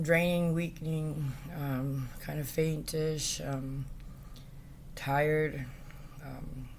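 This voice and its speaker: Low-voiced woman ranting, distressed and halting. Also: a little mellow, a little hiss or hum. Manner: distressed, halting, profane, with many fillers. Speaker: vlogger. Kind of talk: rambling direct-to-camera rant.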